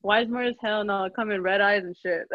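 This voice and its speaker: A woman's voice: mid-range voice, normal speed, dry recording. A young woman chats casually and candidly, laughing often. The recording sounds dry and a little dull and lo-fi. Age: young adult. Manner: laughs a lot, relaxed and candid. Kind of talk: casual chat.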